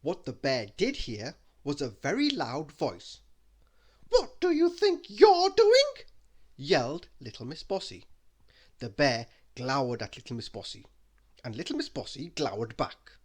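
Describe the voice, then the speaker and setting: A man reading a children's bedtime story aloud in an expressive storytelling manner. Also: medium pitch, slightly rough. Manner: expressive, sing-song storytelling.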